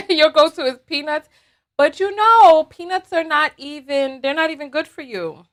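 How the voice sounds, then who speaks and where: A woman's voice: sits high, normal speed, fairly bright tone. A woman hosting a livestream, chatting animatedly and talking straight to her viewers. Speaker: host. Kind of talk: livestream commentary chat.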